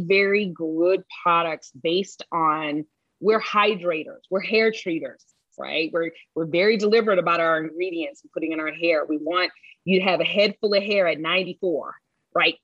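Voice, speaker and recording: A woman's voice: lowish voice, a bit bright, no room sound, lo-fi sound. A woman guest on a podcast interview, talking up her hair care brand in an upbeat, promotional way and repeating her points. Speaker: guest, salon brand founder.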